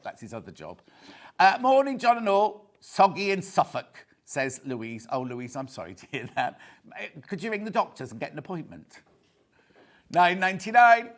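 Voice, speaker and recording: A man's voice: medium pitch, a bit bright. A man hosting a live TV shopping show. He is chatty, camp and jokey, and reads out viewer messages as he talks. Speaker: shopping channel presenter.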